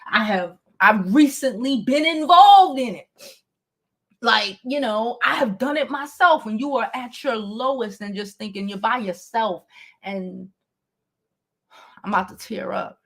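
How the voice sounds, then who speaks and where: A young woman with a high voice hosts a casual livestream gossip show. She talks in an animated way, laughs a lot and swears freely as she chats with her viewers. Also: measured pace. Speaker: gossip and advice show host.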